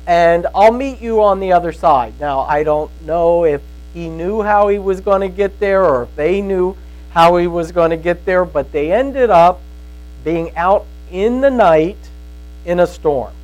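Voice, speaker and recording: Folksy storytelling man, fairly high voice. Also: unhurried, darkish tone, lo-fi sound. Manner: storytelling, folksy, asks "right?" often. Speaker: Bible teacher. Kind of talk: conversational sermon.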